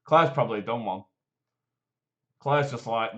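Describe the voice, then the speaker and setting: A man's voice: mid-range voice, expressive, measured pace, long pauses, fairly bright tone, lo-fi sound. A man hosting a local live stream, reading a promotion and rambling in a jokey, self-deprecating way. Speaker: host of a local live show. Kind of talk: casual live-stream chat with read promotion.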